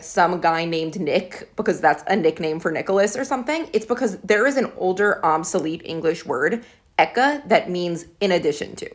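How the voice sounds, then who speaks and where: A young woman casually explaining word origins to her viewers in a chatty, upbeat way, with plenty of "like" fillers. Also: mid-range voice. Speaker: educational video creator.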